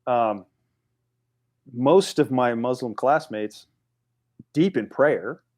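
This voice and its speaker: Man telling an animated story. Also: medium pitch, slow. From United States. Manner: animated storyteller with frequent restarts, acting out quotes. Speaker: podcast guest. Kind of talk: casual storytelling interview.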